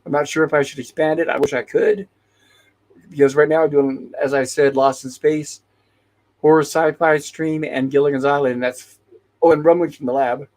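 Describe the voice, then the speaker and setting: A man's voice: fairly high pitch, steady tone, normal speed, a little mellow. A man hosting a casual livestream who reads viewer chat messages aloud and greets each viewer by name, often restarting and correcting himself. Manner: hesitant, with frequent restarts and self-corrections. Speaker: livestream host.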